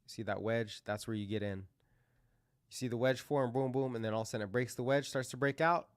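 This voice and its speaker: A man's voice: medium pitch, a little fast, no echo, studio quality. A man hosting a crypto livestream, talking casually and rambling through live chart commentary with lots of fillers and restarts.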